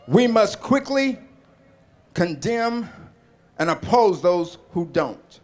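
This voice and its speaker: A man delivering an impassioned political rally speech, building rhetorical repetitions and leading the crowd in call-and-response chants. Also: on the high side. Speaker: rally speaker.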